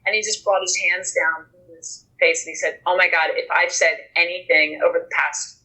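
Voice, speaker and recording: Woman guest on a podcast, super bright voice, earnest and animated, acts out the conversations. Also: on the low side, moderate pace, poor audio. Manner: earnest, animated retelling with quoted dialogue. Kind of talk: conversational storytelling.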